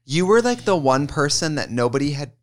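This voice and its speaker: A man co-hosting a casual chat, teasing and animated, with big bursts of laughter. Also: fairly high pitch, fairly quick.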